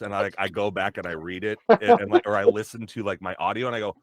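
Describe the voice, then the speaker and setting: A man's voice: deep voice, steady tone, a little fast. A man who does voice acting, chatting casually in a rambling way, often restarting his sentences and laughing at himself. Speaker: voice actor. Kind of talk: casual chat.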